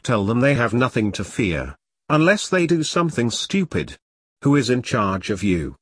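A stern army section commander, as a man puts him on, laying down the rules in short, clipped orders. His voice is mid-pitched and firm. The sound is dry and close. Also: very animated, normal speed, slightly rough, no room sound.

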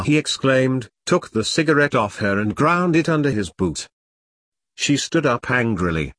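Male audiobook narrator, mid-pitched, reads punctuation aloud, dry sound. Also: animated, unhurried, fairly bright tone, no room sound.

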